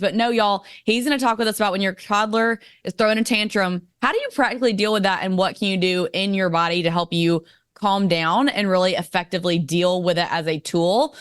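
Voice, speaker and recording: A woman's voice: mid-range voice, a little fast, fairly bright tone, smooth, no room sound, clean studio sound. A woman hosting a podcast in a bubbly, folksy way. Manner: bubbly, folksy, uses "y'all". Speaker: podcast host.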